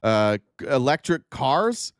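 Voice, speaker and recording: A man hosting a political commentary livestream, his voice smooth and resonant in a dry, close-miked sound. He talks sarcastically and curses freely, with frequent "uh" fillers and restarts. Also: medium pitch, sing-song, takes it slowly, dry recording. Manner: sarcastic, profane, filler-heavy. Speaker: livestream host.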